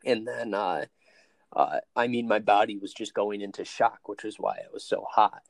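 A young man in his twenties telling the story of his accident in an interview, halting and full of fillers and restarts. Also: on the low side, steady tone, gravelly, dry recording. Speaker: interview guest.

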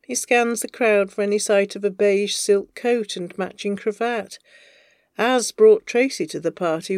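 Slow, gravelly story reader. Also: medium pitch, darkish tone, no room sound, studio quality. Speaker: narrator. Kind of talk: fan fiction audio reading.

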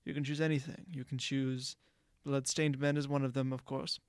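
Gravelly, flat-voiced male podcast host. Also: medium pitch, moderate pace, dry recording, clean studio sound. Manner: rambling, frequent restarts and self-corrections. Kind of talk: casual solo podcast talk.

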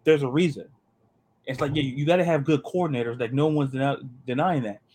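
A man hosting a sports podcast, talking in an animated, joking way and often repeating his words. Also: medium pitch, fairly quick. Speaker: podcast host. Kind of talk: casual sports chat.

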